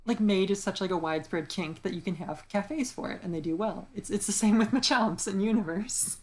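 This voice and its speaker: A woman's voice: mid-range voice, brisk, a little mellow. A young woman co-hosting a casual chat, rambling with many fillers and restarts. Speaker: podcast co-host.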